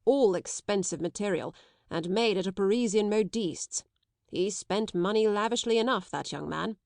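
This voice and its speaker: A woman's voice: medium pitch, moderate pace, vocal fry, a little mellow, no echo, lightly acted. A woman reading an audiobook, voicing a dry, brusque middle-aged male solicitor with a clipped, disapproving manner.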